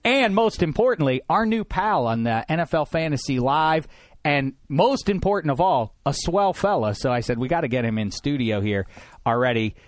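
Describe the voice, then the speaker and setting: A man's voice: a little high, animated, normal speed, no echo. Jokey man hosting a podcast. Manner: rambling, jokey, restarts a lot. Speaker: podcast host. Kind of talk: casual studio chat. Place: podcast studio.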